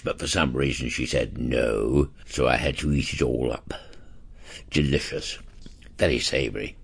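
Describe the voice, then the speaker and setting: An actor playing a mild, rambling older father in a comedy drama, with a husky voice. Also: very deep voice, heavily acted. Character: pale vague old father in pyjamas. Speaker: father thought dead.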